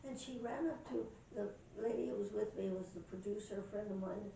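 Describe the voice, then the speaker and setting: A woman's voice: mid-range voice, fairly even intonation, a little fast, vocal fry, dark tone. An older woman reminiscing and telling a personal story, chatty and emotional. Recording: echoey room, distant mic, faint noise.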